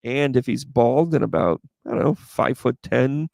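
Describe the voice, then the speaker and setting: Excitable gravelly-voiced man reading tarot. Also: mid-range voice, normal speed, no echo. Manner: excitable, playful, profane, exclaiming. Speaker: tarot reader. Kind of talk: live tarot reading for viewers.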